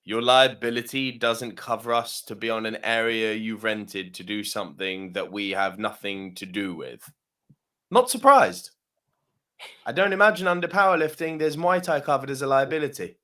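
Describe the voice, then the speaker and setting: A man in casual podcast chat, retelling an anecdote with plenty of energy. His pitch moves up and down a lot as he plays out who said what. He sounds relaxed and conversational, at a middle pitch. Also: normal speed. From Nigerian background. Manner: animated anecdote telling, acts out quoted exchanges. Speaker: podcast host.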